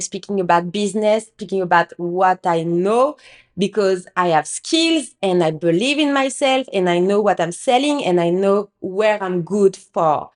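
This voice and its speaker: Candid French woman, plain-spoken. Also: medium pitch. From France. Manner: candid, emphatic, swears freely, acts out quotes. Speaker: podcast host. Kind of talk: casual business storytelling.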